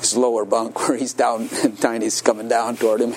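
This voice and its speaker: A man's voice: medium pitch, little pitch movement, a little fast, noisy background. A man telling a casual anecdote, chuckling as he goes and acting out the voices of the people he quotes. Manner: chuckles through his story, acts out voices in quotes.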